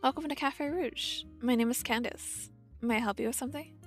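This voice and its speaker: A woman's voice: sits high, a little fast. A woman voicing a haughty young female café worker who talks down to others, with faint guitar music behind. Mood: polite. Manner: condescending, dismissive.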